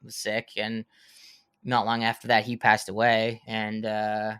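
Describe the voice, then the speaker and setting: Man, thirties, podcast guest, bright voice, animated storyteller, stammering restarts. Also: lowish voice, unhurried, clean tone. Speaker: podcast guest, horror filmmaker. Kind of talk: casual podcast conversation, storytelling.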